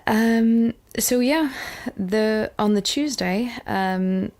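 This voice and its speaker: A woman's voice: fairly high pitch, very slow, a little mellow. A woman from Ireland, co-hosting a podcast and retelling a true mystery case in a rambling, chatty way full of fillers and restarts. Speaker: podcast co-host.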